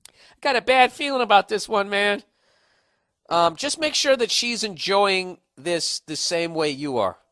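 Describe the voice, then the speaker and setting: A man hosting a comedy podcast, ranting advice in a blunt, profane, animated way. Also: sits high, unhurried, dry recording.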